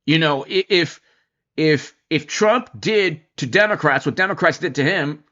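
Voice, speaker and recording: A man hosts a casual political commentary show in a slightly high, bright voice. He rambles, restarts sentences and wanders into asides. The recording sounds a little dull and lo-fi. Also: unhurried.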